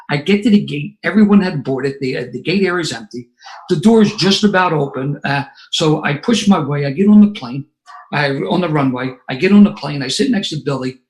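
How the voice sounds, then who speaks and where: A man, telling a personal story to a recovery meeting with lively, sarcastic asides. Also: fairly high pitch, poor audio. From Philadelphia area.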